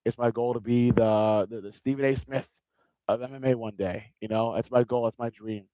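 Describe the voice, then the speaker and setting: A man's voice: mid-range voice, fairly even intonation, moderate pace, mellow, no echo, low-quality recording. A man giving casual, rambling live commentary on a fight stream from a gaming chair, often repeating himself. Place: seated in a gaming chair at home.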